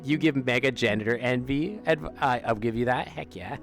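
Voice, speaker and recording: Sitting outside near an amphitheater, this man talks on a live stream at a moderate pace, his voice medium in pitch, with faint music in the background. His chatter is loose and rambling, broken by frequent laughter and half-finished thoughts.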